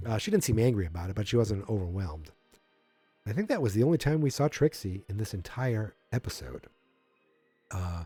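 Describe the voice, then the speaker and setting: A man with a mellow, relaxed tone rambles through a podcast recap, piling on fillers and slipping into quick voices for the characters. He is recorded dry and close on the mic. Faint music sits low behind him. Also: husky, dry recording. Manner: rambling, chatty retelling with fillers and acted-out quotes. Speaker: podcast host. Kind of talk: casual episode recap. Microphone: podcast microphone.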